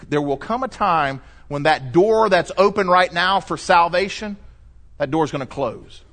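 A middle-aged man pastor delivering a sermon, preaching emphatically and rising to loud cries when he quotes scripture. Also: on the high side.

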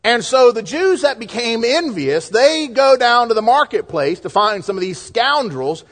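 High-voiced Southern pastor preaching. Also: male voice, moderate pace. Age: middle-aged. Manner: folksy, lively preaching with asides and jokes. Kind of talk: sermon.

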